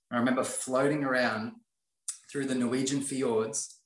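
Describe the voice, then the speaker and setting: An earnest man of ordinary pitch tells his story in a motivational way, circling back and repeating key phrases for weight. The room around him is roomy and echoing. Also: fairly bright tone. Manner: earnest, repetitive, emphatic. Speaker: guest sharing his life story. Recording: roomy echo.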